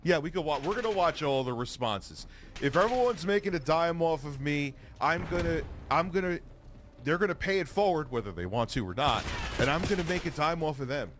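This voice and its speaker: A man's voice: a little high, expressive, a little fast. A man streaming a profane reaction, mocking and sarcastic, swearing freely. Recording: noisy stream capture.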